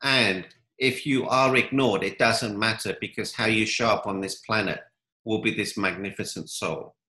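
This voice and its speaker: A man's voice: on the low side, normal speed, bright, forceful tone, reverberant, rough recording. A man giving upbeat motivational answers in an interview, telling stories. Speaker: guest, coach.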